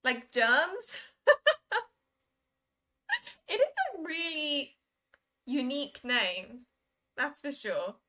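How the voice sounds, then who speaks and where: A young woman hosts a relaxed live stream, laughing easily and answering her chat. Her voice sits a little high and rings bright and clear. She trips over words and tries out pronunciations with playful giggles. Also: very slow, long pauses.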